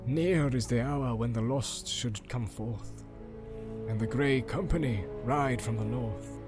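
A man voicing an ancient, grave male wizard who speaks in a solemn, measured way and chants verse, with film music behind him. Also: medium pitch, close to an everyday voice. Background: film score music.

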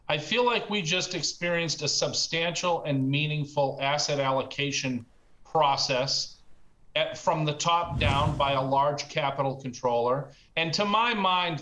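A man's voice: fairly high pitch, a little slow, sharp tone, poor audio. A man giving confident, emphatic market views in a financial panel discussion. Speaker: market commentator.

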